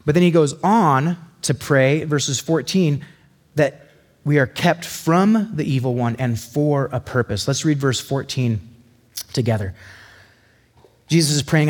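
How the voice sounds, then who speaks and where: A man preaching a casual, conversational sermon, chatty and animated, often acting out quick little voices to make a point. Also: on the high side.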